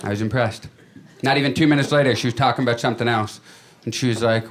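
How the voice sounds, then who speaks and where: A man doing a stand-up comedy set on a club stage, telling stories in a chatty way and acting out his friends in quick voices. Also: medium pitch. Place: comedy club stage before a live audience. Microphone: handheld stage mic. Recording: live club recording with loud crowd laughter.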